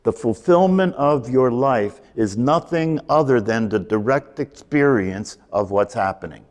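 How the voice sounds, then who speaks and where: A man's voice: mid-range voice, expressive, unhurried. A man teaching a meditation class, talking things through in a repetitive, emphatic way and often putting questions to his listeners. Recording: long hall reverb.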